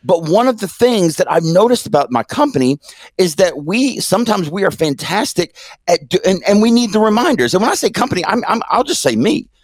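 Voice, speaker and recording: A middle-aged man co-hosting a casual discussion podcast, talking in an animated, emphatic way. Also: high-pitched, brisk, no room sound. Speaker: podcast co-host.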